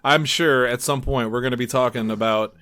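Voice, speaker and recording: A man's voice: mid-range voice, fairly even intonation, fairly quick, a bit bright, a little hiss or hum. Rambling man hosting a comedy podcast. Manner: rambling, stumbling over restarts, chuckling. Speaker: podcast host. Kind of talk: casual comedy chat.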